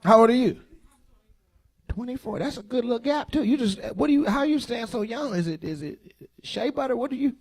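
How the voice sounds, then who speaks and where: A brash male comedian works the crowd on a big stage, teasing and swearing freely. His voice sits fairly high for a man. He talks into a handheld stage mic. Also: darkish tone. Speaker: stand-up comedian. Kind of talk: crowd work stand-up. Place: large comedy venue on stage.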